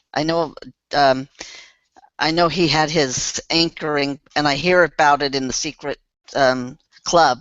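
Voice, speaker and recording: A woman in a casual group chat, speaking hesitantly with many pauses and ums. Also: low voice, fairly bright tone, no room sound, muffled recording. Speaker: group participant.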